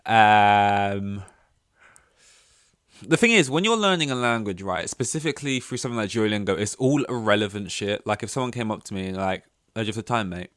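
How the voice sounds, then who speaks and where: A young man rambles through a casual solo podcast, full of ums and self-mocking asides. His voice sits a little low and sounds smooth and clean. The recording is dry and close, with no room echo. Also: lively intonation, moderate pace, a bit bright. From London. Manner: rambling, self-deprecating, many fillers and restarts. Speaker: podcast host.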